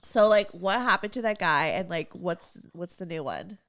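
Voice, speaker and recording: A woman's voice: lowish voice, animated, moderate pace, fairly bright tone. A woman guest on a casual podcast, talking playfully with small hesitant restarts. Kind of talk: casual chat.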